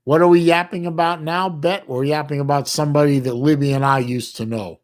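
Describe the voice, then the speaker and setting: A middle-aged man from the United States hosting a livestream, chatting casually with his chat in a halting way with many restarts and folksy slang. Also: a little high, steady tone. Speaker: livestream host reading chat.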